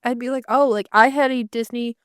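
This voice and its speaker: Bright-voiced woman, animated chatter. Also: on the high side, fairly quick, clear, resonant tone, dry recording, clean studio sound. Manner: animated, filler-heavy, jumps in with examples. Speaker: podcast co-host. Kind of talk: casual chat.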